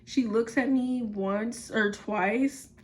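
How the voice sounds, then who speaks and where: A young woman tells a storytime tale in a casual, animated way. She is blunt and swears freely. Her voice sits slightly high. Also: takes it slowly. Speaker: vlogger.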